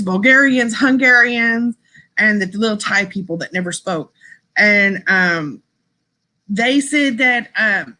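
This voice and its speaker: Bright-voiced chatty woman streamer. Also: mid-range voice. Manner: chatty, rambling, laughs often, says y'all. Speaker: live stream host. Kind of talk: casual live stream chat with viewers.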